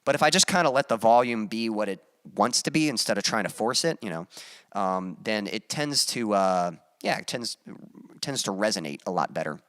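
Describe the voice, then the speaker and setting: A man's voice: on the low side, expressive, moderate pace, a bit bright, no room sound, studio quality. A young adult man, a musician, chatting casually on a live stream, reading viewer comments and rambling with many fillers and restarts.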